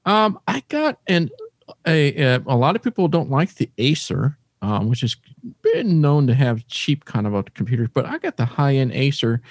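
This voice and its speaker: A man's voice: mid-range voice, sing-song, moderate pace, no echo, studio quality. Playful man hosting a podcast. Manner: playful, jokes around with co-hosts. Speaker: podcast host. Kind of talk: casual podcast chat.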